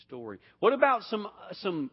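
This Bible teacher has a high, slightly rough voice that swings hugely in pitch at a moderate pace. He questions his class interactively, often repeating words and starting sentences over. The recording sounds dull and carries a long hall reverb.

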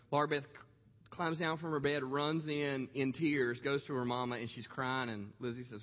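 A man in his thirties, a pastor telling a personal story in a sermon, speaking slowly and warmly with frequent pauses. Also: a little high, little pitch movement. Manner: slow, heartfelt, many "um" pauses. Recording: echoey hall, dull lo-fi sound.

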